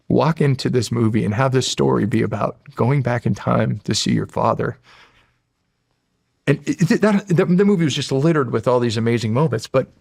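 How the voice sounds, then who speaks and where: A man's voice: mid-range voice, gravelly, breathy edge, no echo, studio quality. A man in his forties, a podcast guest, telling a long, emotional story in a rambling way with many restarts. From United States. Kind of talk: casual storytelling.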